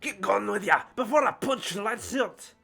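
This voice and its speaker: A streamer voicing a gruff, suspicious male prison governor with a put-on Scottish accent, loud and rolling the R's. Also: mid-range voice, sing-song, normal speed, faint music behind, exaggerated voice. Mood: blustering. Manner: loud, blustering, rolled R's.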